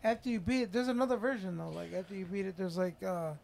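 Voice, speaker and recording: Profane, animated man telling gaming stories. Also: high voice, fast, vocal fry, a little hiss or hum. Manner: profane, animated storyteller who swears a lot. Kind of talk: casual chat.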